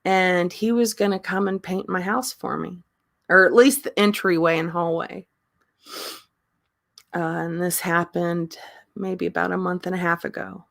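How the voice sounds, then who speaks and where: Lady vlogger chatting slow on a livestream, lots of ums, laughs a lot. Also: on the low side, steady tone, gravelly, dry recording. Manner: slow, halting talk with frequent ums and laughter. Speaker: livestream host. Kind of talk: casual livestream chat.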